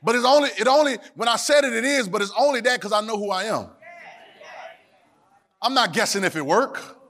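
A man preaching a sermon to a congregation, calling for responses and swinging between soft asides and shouted, sung phrases. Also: extremely high pitch, animated, a little fast. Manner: Southern Black church vernacular, drops verbs. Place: church sanctuary.

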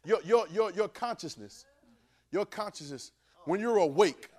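A man teaching a class in a relaxed, talky sermon style, pitched a little high. He keeps checking in with his listeners and swings between quiet asides and loud outbursts. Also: unhurried. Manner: call-and-response, keeps asking "right?"; swings from low murmur to sudden loud bursts. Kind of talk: conversational sermon.

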